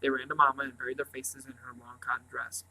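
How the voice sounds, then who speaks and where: Bright-voiced man reading a novel aloud. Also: mid-range voice, flat delivery, quick pace, gravelly, slight background noise, rough recording. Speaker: reader.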